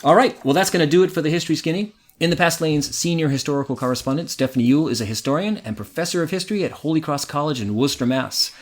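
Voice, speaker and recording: A man's voice: on the high side, very fast, few pauses. A man hosting a history podcast, reading his script in a wry, conversational storytelling manner.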